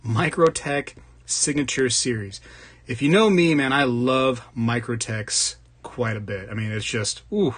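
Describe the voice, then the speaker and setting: Here a livestream host speaks at a measured pace in a medium, somewhat bright voice. He keeps things casual, greeting people in the chat by name and trading jokes as he reads their comments.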